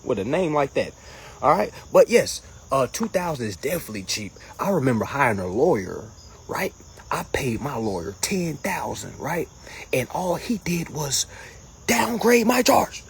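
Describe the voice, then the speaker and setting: Husky man, animated mocking livestream chat. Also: moderate pace. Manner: animated, mocking, swings between loud jokes and low asides. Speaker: livestream host reading comments.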